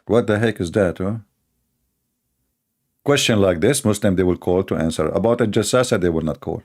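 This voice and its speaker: A man's voice: deep voice, normal speed, darkish tone. A man hosting a mocking commentary show, sarcastic and chuckling at his own jokes. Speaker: show host.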